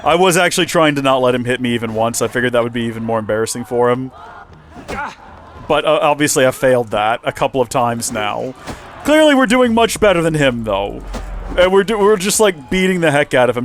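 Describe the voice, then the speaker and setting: A man's voice: mid-range voice, brisk, soft background music. A man hosting a let's play, joking and rambling over the game. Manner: jokey, rambling, excitable. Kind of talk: casual gameplay commentary.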